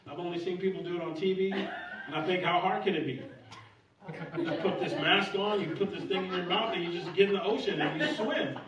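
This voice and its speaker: A man with a high voice preaches a sermon, switching between animated, humorous stories and earnest points. He sounds fairly distant from the mic, and the church room rings around him. The recording is dull and muffled. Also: a little fast, echoey room, a crowd in the background. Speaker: pastor. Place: church sanctuary.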